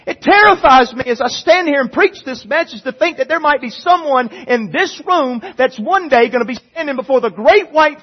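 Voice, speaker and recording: High-voiced husky man preaching, goes quiet then fired up and begging, kinda muffled recording. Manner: pleading, swings from quiet to impassioned. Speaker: pastor. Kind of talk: sermon.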